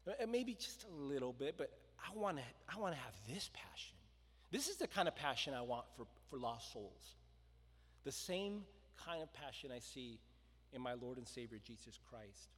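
A man preaching a sermon, telling the story with lively voices for the crowd and stopping to ask his listeners questions. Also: mid-range voice, moderate pace. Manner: animated storytelling, acting out the crowd and quotes. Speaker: pastor. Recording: long reverb of a large hall.

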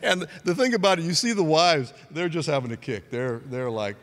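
A man's voice: fairly high pitch, brisk, fairly bright tone, long reverb tail. A male pastor preaching a sermon, telling a story in a chatty way with frequent laughs and restarts.

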